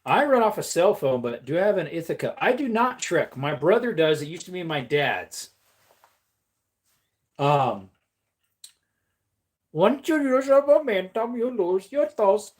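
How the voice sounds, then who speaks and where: Playful streamer woman with a lively voice. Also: on the low side, a little slow, pauses often. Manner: playful, laughs often, slips into silly voices. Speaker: livestreamer reloading ammunition. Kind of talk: casual livestream chat.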